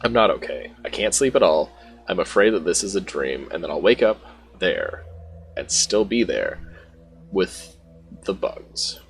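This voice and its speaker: A man's voice: low voice, big pitch swings, measured pace, a little hiss or hum, full character voice. A man voicing a frightened young woman in a game, reading her lines in his own plain voice. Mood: distraught. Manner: reads game dialogue aloud without doing a voice.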